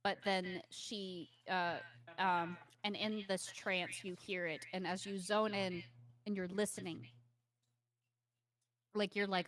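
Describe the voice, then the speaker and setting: A woman narrating a tabletop game as game master, pausing often with filler sounds. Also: medium pitch, flat delivery, a bit bright. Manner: hesitant, with many filler sounds.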